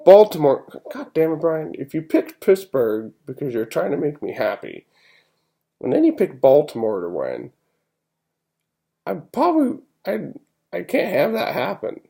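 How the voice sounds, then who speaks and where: A man's voice: a little high, wildly swooping pitch, a little slow, vocal fry, long pauses, dark tone, husky. A man hosting a podcast, giving his football picks in a casual, rambling way with an exasperated fan's restarts. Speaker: podcast host. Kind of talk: casual sports-picks talk.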